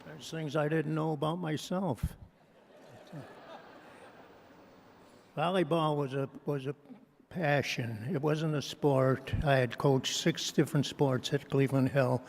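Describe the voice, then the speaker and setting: An older man with laryngitis giving a halting, emotional acceptance speech at a banquet, hoarse and full of restarts. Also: on the high side, steady tone. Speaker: hall of fame inductee giving acceptance speech. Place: banquet hall. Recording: reverberant hall, faint room noise.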